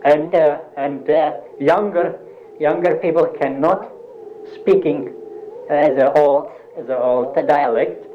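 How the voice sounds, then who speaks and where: Older man, halting German-Russian accent. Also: a little high. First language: Black Sea German dialect. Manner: halting, searching for words, many pauses. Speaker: interviewee. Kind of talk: hesitant oral-history interview. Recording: dull lo-fi recording, faint hiss.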